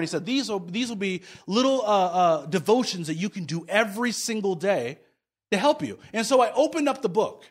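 A man preaching a sermon in a conversational way, repeating key phrases for emphasis and dropping into quiet asides. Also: high voice. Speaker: pastor.

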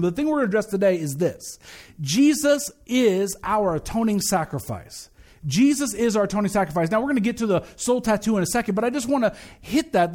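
A man preaching a conversational sermon, casual and joking, often restarting and repeating words, and reading a creed slowly. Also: high voice, a little mellow. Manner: recites the creed slowly and deliberately. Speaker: pastor.

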